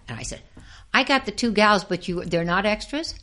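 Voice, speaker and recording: An older woman, a former actress and dancer, telling lively anecdotes as an interview guest and acting out the people she quotes. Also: mid-range voice, brisk. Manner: lively storyteller who acts out quoted voices and laughs often. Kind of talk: casual anecdotal storytelling.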